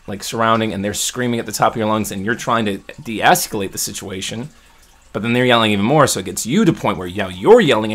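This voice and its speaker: A man talking straight to camera in a casual check-in vlog, venting in a rambling, heated way and restarting his sentences as he goes. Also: medium pitch. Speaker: vlogger.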